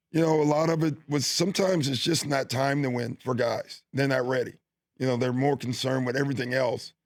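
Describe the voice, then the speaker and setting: A middle-aged man, a basketball coach, being interviewed and telling stories in a relaxed way, with lots of fillers and restarts. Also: medium pitch, vocal fry, no echo, clean studio sound. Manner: easygoing, with frequent fillers and restarts. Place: studio.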